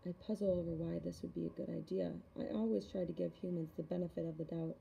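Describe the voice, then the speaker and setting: A woman reading a children's novel aloud in a calm, even narration. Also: lowish voice, fast talker, gravelly, a little hiss or hum, low-quality recording. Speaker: reader. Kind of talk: storybook read-aloud.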